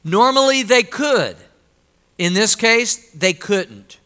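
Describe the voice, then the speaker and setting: A pastor delivers a sermon in a church sanctuary, talking conversationally and asking his congregation questions. His voice sits high and sounds animated, bright and forceful, clear and resonant, and he takes his time while a long reverb tail trails each phrase.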